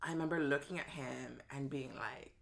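A woman's voice: a bass voice, normal speed, gravelly. A woman guest on a podcast, chatting about her life and acting out the voices of the people she quotes. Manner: chatty, acts out quoted dialogue, many fillers. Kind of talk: casual personal storytelling.

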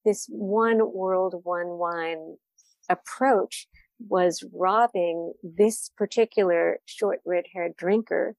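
A woman's voice: lowish voice, steady tone, slow, gravelly, a little mellow, no room sound. A woman wine writer answering interview questions, candid and reflective, often laughing at herself.

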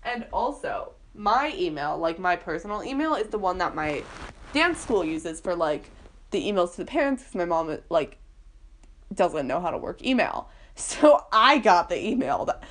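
A woman's voice: on the low side, big pitch swings, normal speed. A young woman vlogger casually telling a personal story, chatty and full of fillers, laughing often. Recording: poorly recorded.

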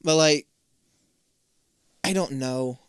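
A man co-hosting a podcast, retelling a show's plot in a relaxed, matter-of-fact way with casual swearing. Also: on the high side, very slow, smooth, no echo. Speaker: podcast co-host. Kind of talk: casual chat recapping a show.

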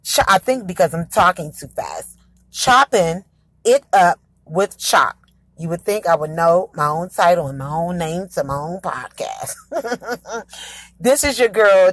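A chatty woman hosts her own casual podcast, upbeat and rambling, stumbling over her words and correcting herself as she goes. Her voice sits at a middle pitch and sounds dry and close, with no room around it. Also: fairly bright tone, dry recording. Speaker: podcast host. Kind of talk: casual solo podcast chat.

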